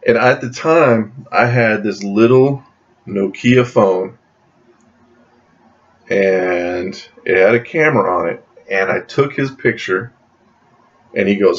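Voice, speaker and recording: A man casually telling a long personal story to his camera, rambling with restarts and laughing often, in a dull lo-fi recording. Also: unhurried. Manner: jumps high in pitch when acting out his own surprise.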